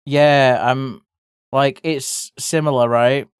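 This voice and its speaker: While drawing on a livestream, this streamer chats away with casual swearing and sudden excited yelps. The mid-range voice is slow and smooth, captured dry and close with no echo.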